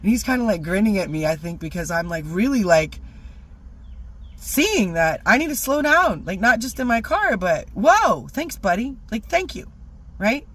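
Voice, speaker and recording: A middle-aged woman telling a rambling personal story in a casual vlog, animated and full of fillers. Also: mid-range voice. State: teary-eyed. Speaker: vlogger.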